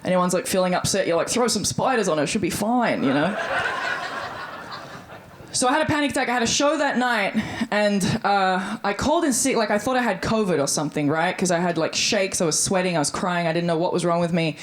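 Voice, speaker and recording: A woman's voice: medium pitch, animated, a little fast. Australian woman doing stand-up. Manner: chatty, breezy, acts out quoted voices. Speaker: stand-up comedian. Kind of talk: stand-up comedy set. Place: comedy club stage before a live audience.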